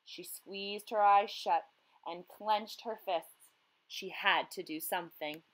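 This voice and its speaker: A woman's voice: medium pitch, takes it slowly, low-quality recording. A woman teacher reading a children's story aloud expressively, then asking young readers questions.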